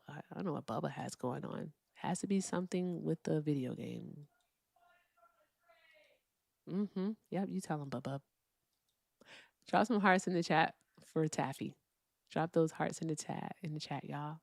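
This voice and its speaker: A woman's voice: low voice, a little slow, vocal fry, pauses often, a little mellow, no room sound, studio quality. Blunt, profane woman streamer. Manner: blunt and profane, talking to chat. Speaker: livestream host. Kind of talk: casual live debate stream.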